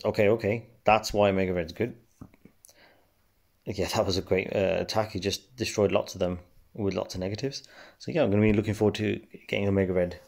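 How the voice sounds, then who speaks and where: Brief: gaming host, low-pitched, gravelly, laid-back rambling commentary. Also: male voice. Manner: relaxed, rambling, many fillers. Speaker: game channel host. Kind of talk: casual gameplay commentary.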